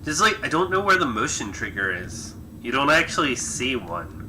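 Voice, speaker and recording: Young man, gaming commentary, sharp and bright, lively swings, sarcastic. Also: mid-range voice, a little hiss or hum, low-quality recording. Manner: animated, sarcastic, quick reactions. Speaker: gaming video creator. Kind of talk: let's play commentary.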